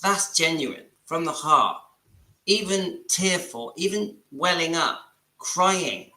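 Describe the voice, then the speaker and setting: A man's voice: a little high, expressive, slow pace, sharp tone, reverberant. A man hosting his channel, chatting enthusiastically to viewers as he comments on clips. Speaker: channel host. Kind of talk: casual commentary over played clips.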